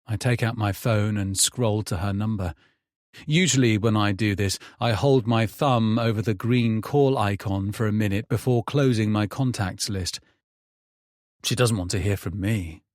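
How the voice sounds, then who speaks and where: A man's voice: on the low side, a little slow, darkish tone, no room sound. A man narrating a first-person thriller audiobook in a weary, bitter tone, recorded on a close studio mic.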